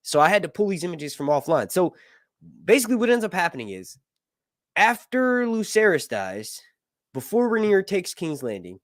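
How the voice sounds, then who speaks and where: A man from the United States rants through a casual commentary in a loose, opinionated way, dropping fillers and tag questions. His voice sits a bit high and swings widely in pitch. The recording is dry, with no room echo. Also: sing-song, normal speed. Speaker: YouTube commentator.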